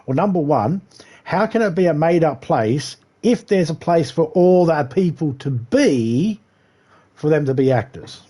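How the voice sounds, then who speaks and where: A man's voice: a little high, animated, a little slow, warm tone. A man with an Australian accent, a gaming streamer ranting casually on a live stream and swearing freely. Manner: ranting, swears freely, laughs at his own jokes. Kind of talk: casual rambling chat while live gaming.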